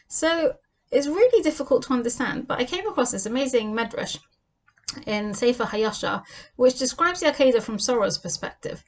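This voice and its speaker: A woman giving a weekly Torah portion lesson, earnest and full of rhetorical questions. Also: sits high. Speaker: Torah teacher.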